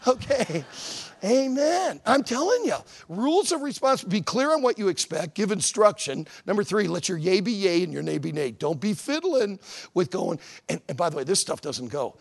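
A pastor preaches in a high, animated voice that swings widely in pitch. He talks in a folksy, conversational way and breaks off into asides. His voice carries a gravelly texture. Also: moderate pace. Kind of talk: sermon.

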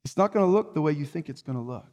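A man preaching a sermon as pastor, calling out to the congregation and swinging between booming exhortation and low, earnest tones. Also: lively intonation, very fast, darkish tone. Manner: preaching with call-and-response to the congregation. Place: church sanctuary. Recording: hall reverb.

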